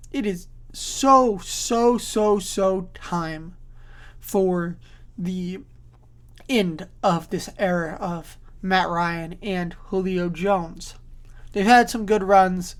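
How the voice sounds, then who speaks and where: Opinionated woman hosting a sports podcast. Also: medium pitch. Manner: opinionated, rambling, with many fillers and restarts. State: sleepy, yawning. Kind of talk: casual solo sports commentary.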